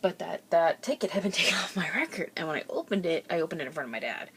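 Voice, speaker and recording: A woman's voice: fairly low pitch, very animated, fast talker, slight background noise. A young woman at home telling rambling personal stories in a casual way, laughing often as she talks. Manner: chatty, rambling, laughs through her stories. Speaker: vlogger. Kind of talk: casual storytelling.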